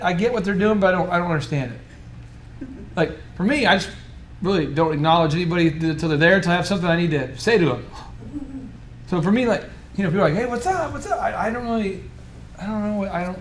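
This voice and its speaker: A man coaching a room of business owners, animated and joking, often acting out the voices of people he describes. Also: high-pitched, quick pace, a little hiss or hum. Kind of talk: coaching workshop talk.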